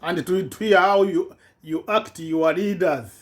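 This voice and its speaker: High-voiced guy ranting about politics, broken english, keeps repeating himself, fired up. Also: measured pace. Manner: broken non-native English, repetitive, indignant. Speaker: vlogger. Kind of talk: impassioned political rant.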